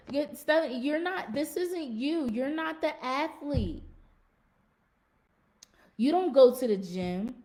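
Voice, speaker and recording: A woman's voice: a little high, darkish tone. A woman hosting a fitness podcast, talking casually and emphatically to her listeners, repeating key phrases and using folksy slang. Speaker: podcast host and fitness coach. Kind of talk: casual motivational talk to a live audience.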